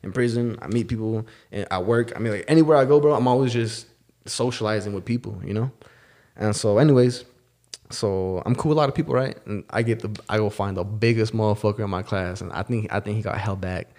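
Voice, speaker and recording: A man's voice: fairly low pitch, brisk. Slangy young man telling a story. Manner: animated, slangy, acts out the people he quotes. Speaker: podcast co-host. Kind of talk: casual storytelling chat.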